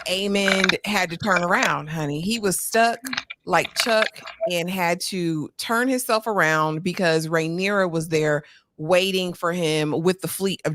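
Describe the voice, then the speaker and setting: A woman's voice: lowish voice, a bit bright. A woman hosting a casual live-stream chat, retelling scenes dramatically and putting questions to her guests. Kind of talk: casual show recap chat.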